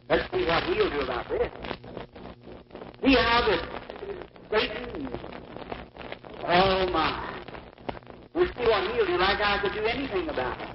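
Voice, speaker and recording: A man preaching a sermon, telling a testimony in an emotional, folksy way with sudden high-pitched surges. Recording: old echoey, muffled recording with loud rain noise.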